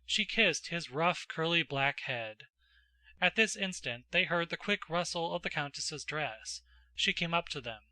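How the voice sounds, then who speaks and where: A male narrator reading a classic novel, measured and even in his storytelling. His voice is strikingly bright and a little high, and it is recorded close and dry. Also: no room sound. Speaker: audiobook narrator.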